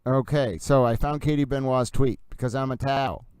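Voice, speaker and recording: A man's voice: mid-range voice, fairly even intonation, a little fast, darkish tone, smooth, dry recording. A man with a Boston accent, hosting a casual live stream and chatting playfully while he works on his computer. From New England. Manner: playful, self-mocking chatter while working. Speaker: livestream host.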